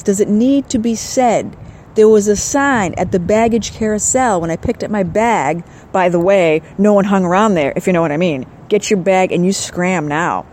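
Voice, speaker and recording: A woman's voice: mid-range voice, moderate pace, darkish tone, slight background noise, rough recording. An older woman hosting a podcast, chatting in a wry, rambling way about her trip. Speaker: podcast host. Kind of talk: casual travel vlog monologue. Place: outdoors then indoors, on a trip.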